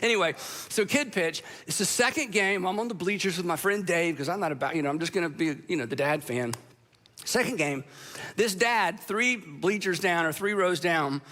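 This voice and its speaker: A man's voice: high-pitched, normal speed, bright, forceful tone. A man preaching a sermon to a live audience, telling stories in a conversational way with self-deprecating humor. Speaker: pastor.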